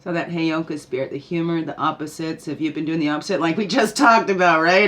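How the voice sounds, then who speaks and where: A woman's voice: low voice, a little fast, hardly any pauses, a bit bright. A woman hosting a spiritual podcast, talking casually and animatedly, often laughing and asking the listener questions. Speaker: spiritual guide and podcast host.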